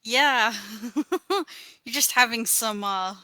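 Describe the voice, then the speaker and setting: A woman's voice: on the high side, lively intonation, slow, pushed and bright, no room sound. A woman co-hosting a podcast, chiming in with short replies and frequent laughter. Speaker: podcast co-host. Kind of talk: casual chat.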